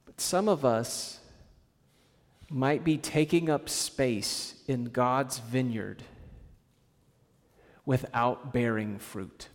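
A man's voice: mid-range voice, extremely slow, long pauses, in a large hall. A man preaching a sermon in a conversational way, with casual asides and rhetorical questions to the congregation.

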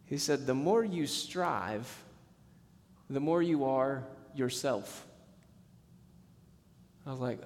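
A middle-aged male pastor preaching a sermon, passionate, swinging between emphatic bursts and hushed, slowed lines. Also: medium pitch, lively intonation, long reverb tail.

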